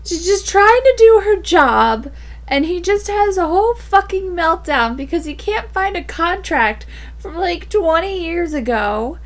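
A woman's voice: very high-pitched, animated, a little slow. A woman co-hosting a casual movie review chat, blunt and teasing with a sarcastic edge. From Philadelphia. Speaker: podcast co-host.

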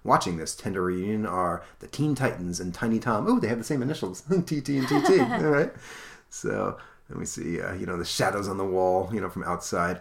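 A man's voice: sits low, lively intonation, fairly quick, gravelly. Guy hosting a comic podcast, rambly, lots of um and you know. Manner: rambling, many fillers. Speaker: podcast host. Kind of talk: casual comic book chat.

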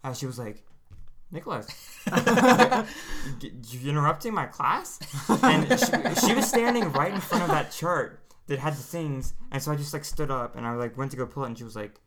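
A man's voice: mid-range voice, animated, fast, hardly any pauses, over a noisy crowd. A man co-hosting a casual podcast, telling rambling stories full of fillers and restarts. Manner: rambling, filler-heavy storytelling. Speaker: podcast co-host. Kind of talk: casual chat.

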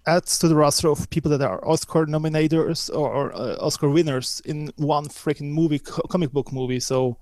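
A man's voice: a little high, fairly quick, few pauses, darkish tone, no echo. Emphatic, opinionated male podcast guest. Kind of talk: casual podcast chat.

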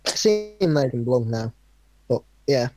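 A young man in casual chat, telling a story haltingly and laughing often. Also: medium pitch, big pitch swings.

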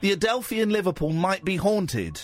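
A man hosting a radio phone-in show, talking in an excitable, jokey, animated way into a studio microphone. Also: sits high, normal speed, faint music behind. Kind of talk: casual talk radio chat.

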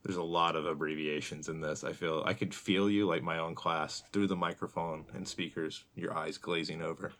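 A low-pitched man with a bright, forward edge to his voice chats on a podcast. He rambles through explanations in a relaxed way and laughs easily. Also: moderate pace, few pauses, slight background noise. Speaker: podcast co-host. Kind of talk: casual chat.

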